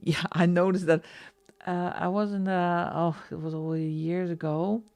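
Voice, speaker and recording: A woman's voice: on the low side, level tone, normal speed, a little mellow. A Dutch woman with a Dutch accent chatting casually with her viewers while she colours on a live stream, often laughing. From Netherlands. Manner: chatty, laughs often, reads chat aloud.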